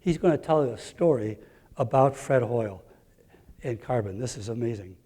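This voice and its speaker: A man with a dark, husky voice presenting a lecture with enthusiasm and casual asides. His words carry a long reverb from the hall. His pitch sits in the middle. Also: animated, normal speed. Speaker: presenter of a parish lecture series. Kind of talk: live presentation. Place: church hall.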